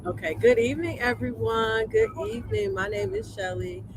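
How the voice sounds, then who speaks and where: A woman co-hosting a casual online chat while she travels on the road, speaking softly over a weak phone connection. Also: fairly high pitch, animated, moderate pace. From Maryland. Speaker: co-host. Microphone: phone on a weak call connection. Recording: noisy call from a moving vehicle.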